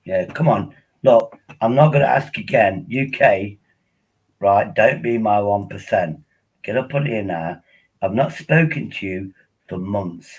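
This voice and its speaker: A man's voice: fairly low pitch, measured pace, slightly rough, poor audio. A tipsy man rambling casually as he hosts a live stream, coaxing viewers to join him on air. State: tipsy from drinking. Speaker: livestream host.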